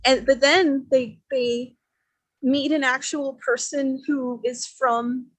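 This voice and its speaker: A woman from Miami talking in a casual podcast discussion, chatty and animated, with many fillers. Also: high voice, takes it slowly. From Miami, Florida.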